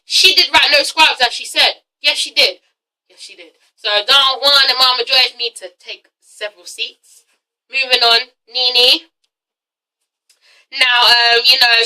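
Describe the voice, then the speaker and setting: A young English woman with a high, piercingly sharp voice, ranting through a TV review with blunt, sassy swearing. She keeps checking in with "okay?" between points. She sits a little back from the mic. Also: distant mic, low-quality recording. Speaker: TV review vlogger.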